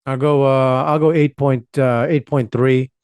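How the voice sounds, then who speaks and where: A man's voice: mid-range voice, fairly even intonation, unhurried, a little mellow, smooth, no echo. A man co-hosting a casual movie chat, hesitant and teasing. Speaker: podcast co-host.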